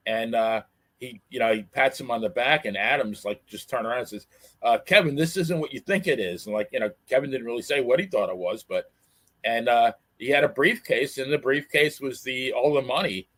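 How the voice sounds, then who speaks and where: A man co-hosting a podcast, recounting wrestling history in a halting, filler-heavy way. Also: mid-range voice, a bit bright. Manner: halting, lots of fillers and restarts. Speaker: podcast co-host. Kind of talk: casual chat.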